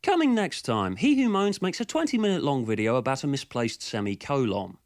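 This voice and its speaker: A man's voice: mid-range voice, sing-song, fairly quick, dry recording, clean studio sound. A man doing sarcastic, self-mocking comedic commentary, swearing casually and slipping into storytelling. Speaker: video essayist.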